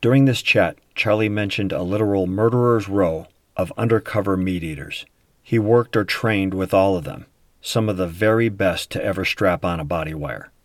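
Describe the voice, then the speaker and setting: A male host reading a measured, earnest scripted narration. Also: deep voice.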